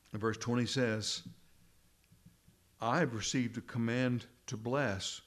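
A pastor with a medium-pitched voice delivers a slow, deliberate sermon. He repeats phrases for emphasis and calls the congregation brethren.

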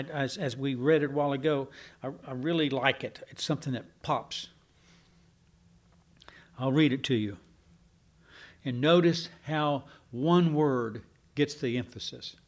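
A male pastor delivering an evening sermon to his congregation. He speaks very slowly and deliberately, leaning hard on key words, and his voice sits a little higher than most men's. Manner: emphatic, with slow deliberate stresses and spoken fillers.

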